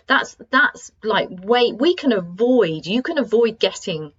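Gentle candid woman coach, slightly muffled. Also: fairly high pitch, lively intonation, unhurried, breathy edge. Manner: gentle, candid, laughs at herself. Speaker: coach for professional women. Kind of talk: casual talk to an audience.

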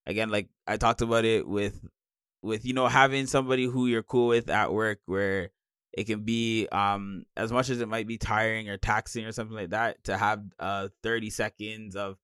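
A man's voice: lowish voice, steady tone, moderate pace, fairly bright tone, clean tone, dry recording, clean studio sound. A young man co-hosting a podcast in casual chat, tired, rambling with many restarts. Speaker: podcast co-host.

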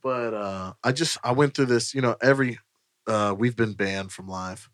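A man guesting on a podcast as a musician, chatting casually, joking loudly, swearing and tripping over his words. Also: mid-range voice, normal speed, dry recording, clean studio sound. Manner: loud, profane, jokey, trips over words.

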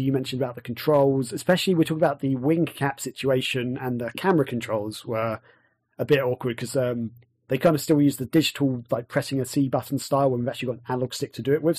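A man's voice: mid-range voice, a little mellow, dry recording. A man with an English accent hosting a casual gaming podcast, rambling with lots of fillers and restarts. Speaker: podcast host.

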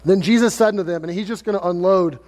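A pastor preaches with a high, bright-edged voice, chatting with the crowd and cracking jokes between points. His words ring out in a long hall reverb. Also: fast talker. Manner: conversational, joking, rhetorical questions. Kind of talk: sermon.

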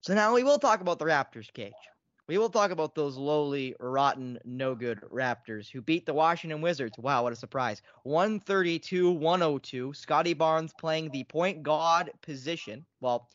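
A man co-hosting a casual sports podcast. He is excitable and repeats himself, and his pitch jumps a lot. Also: a little slow, no echo. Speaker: podcast co-host. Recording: dry, dull lo-fi sound.

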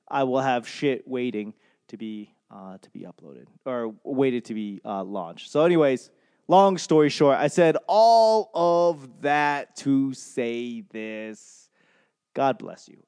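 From his home in Albuquerque, a man hosts a comedy podcast, rambling casually through a monologue where he swears freely, mocks himself, and loses his train of thought. His mid-range voice has a darkish, clean tone.

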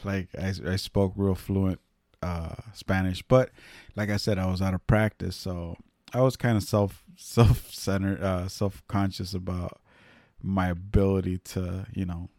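Deep gravelly man telling a rambling story. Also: flat delivery, measured pace, a little mellow, no echo, clean studio sound. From Northern California. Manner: rambling, swears freely, many fillers. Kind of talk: casual storytelling.

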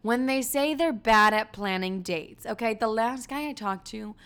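A woman's voice: a little high, measured pace, a bit bright, clear, resonant tone. A young woman in casual chat, frank, sassy and profane, often calling the listener babe.

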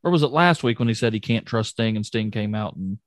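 Excitable man with a lively, bouncing voice. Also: lowish voice, fast, no room sound, studio quality. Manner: excitable, jokey, trails off and restarts. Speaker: podcast co-host recapping wrestling. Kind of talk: casual chat.

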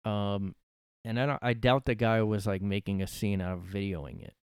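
A man's voice: on the low side, fairly even intonation, normal speed, smooth, no room sound, studio quality. A man hosting a solo podcast from his room, ranting sarcastically and swearing a lot. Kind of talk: casual ranting monologue.

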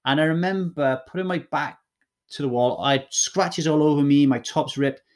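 A man's voice: a little high, moderate pace. A middle-aged man telling a candid personal story as a guest, talking bluntly and emphatically with swearing and frequent restarts.

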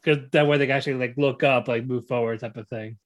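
Talking fast in a medium-pitched voice, a male podcast co-host recounts scenes with lots of laughter. He voices the characters himself, and his casual chatter is full of fillers and restarts.

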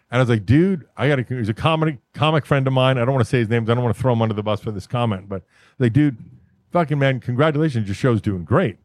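A laid-back man chatting on a podcast, cursing easily as he tells stories. His voice sits in an ordinary middle pitch. The sound is close and dry, with no room around it. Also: dry recording. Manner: laid-back, swears often, name-drops. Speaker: podcast host. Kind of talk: casual podcast chat.

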